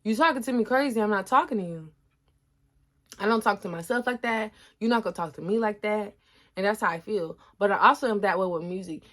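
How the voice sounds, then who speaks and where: A young woman in her twenties tells a story casually and chattily to the camera. She talks straight to her viewers in a mid-range voice. She drops her voice low and soft for asides. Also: a little fast. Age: 20s. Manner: chatty, animated, addresses viewers directly as y'all. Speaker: vlogger.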